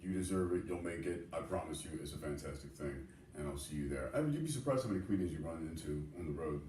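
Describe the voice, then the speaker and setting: A man who is a comedian, a guest on a talk show, energetic and salty-mouthed as he chats. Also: very deep voice, fast talker, slight background noise. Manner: energetic and swearing, running through tour plans. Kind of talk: casual interview chat. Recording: echoey room, voice from a distance.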